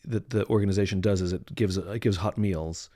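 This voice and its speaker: A man's voice: sits low, steady tone, brisk, warm tone, no echo, clean studio sound. A man hosting an interview, cutting in with clarifying questions and restarting his sentences. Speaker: host.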